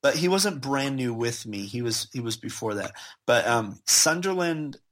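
A man telling stories in a casual chat, animated and quick to laugh as he acts out people he quotes. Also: mid-range voice. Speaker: guest. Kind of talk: casual storytelling.

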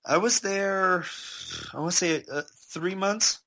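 A man telling stories in a casual chat, animated and quick to laugh as he acts out people he quotes. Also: sits high. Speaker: guest. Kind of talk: casual storytelling.

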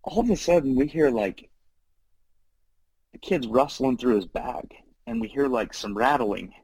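A man casually telling a story from his mission days, animated, with many fillers and frequent laughs. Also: mid-range voice, unhurried, slightly rough, no echo, poor audio.

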